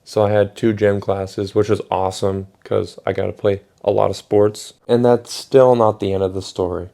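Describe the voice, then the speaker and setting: A young man tells a story in a loose, rambling way, packed with fillers and casual swearing. His voice sits on the low side with a dark, mellow tone. It sounds like a relaxed storytime vlog. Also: normal speed, vocal fry. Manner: rambling, profane, lots of fillers. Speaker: storytime vlogger.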